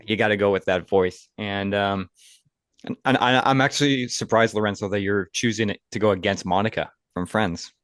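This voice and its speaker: Lively, opinionated man, dry close sound. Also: lowish voice, normal speed, no room sound. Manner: enthusiastic, opinionated, laughs often. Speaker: podcast co-host. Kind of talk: casual movie chat.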